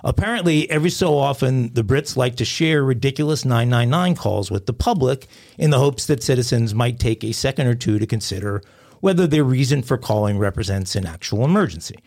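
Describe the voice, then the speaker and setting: A middle-aged man co-hosting a crime news podcast, telling stories with a joking edge. His voice is husky and slightly rough, with a lively, bouncing intonation. He sits at a medium pitch. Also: a little fast. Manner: joking, animated storyteller, swears casually. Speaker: podcast co-host. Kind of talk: casual crime news chat, storytelling.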